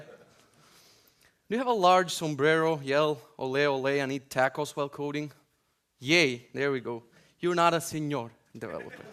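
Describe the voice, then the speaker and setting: A man's voice: a little high, fairly bright tone. Joking ranting man at a conference. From North Macedonia. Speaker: conference speaker. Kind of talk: conference talk. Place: conference hall.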